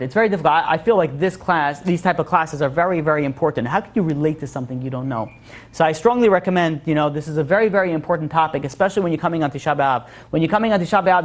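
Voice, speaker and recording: A male rabbi giving an informal class, earnest and repeating his phrases for emphasis. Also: fairly high pitch.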